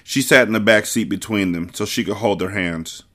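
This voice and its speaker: A man with a low voice reads a novel aloud for his book podcast. His narration is measured and expressive, pacing the story steadily.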